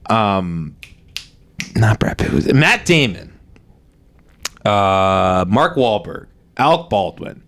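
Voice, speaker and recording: A man with a fairly low voice co-hosts a podcast, chatting casually. He's animated and laughs easily.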